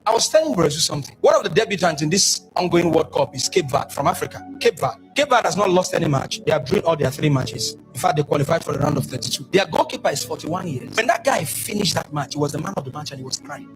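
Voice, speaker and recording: A man with a Nigerian accent telling a story in an impassioned speech, fiery and shouting at the peaks. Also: a little high, expressive, fast talker, hardly any pauses, over music, low-quality recording.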